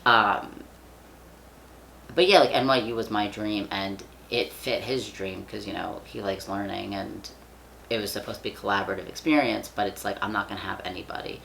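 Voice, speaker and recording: A young man chatting casually to camera, with a gravelly, fry-edged voice that still sounds bright and forward. He rambles, leans on fillers and swears offhandedly. There's a faint hiss underneath. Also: fairly low pitch, normal speed. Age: young adult. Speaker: vlogger. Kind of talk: casual chat.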